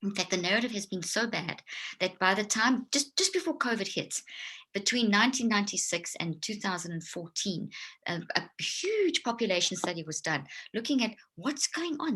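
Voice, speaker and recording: A woman's voice: mid-range voice, a bit bright. A woman speaking as a guest expert. She explains emphatically, like a lecture, and often restarts her sentences. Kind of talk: explanatory talk.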